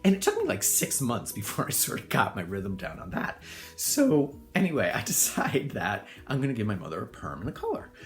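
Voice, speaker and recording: A middle-aged man tells a story from his life as a hairdresser, and his pitch leaps up and down as he talks. He laughs often and puts on voices for the people in the story. Faint music plays under him. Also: fairly quick. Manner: animated, laughing, acts out voices in quotes. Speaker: hairdresser and salon owner. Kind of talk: storytelling monologue.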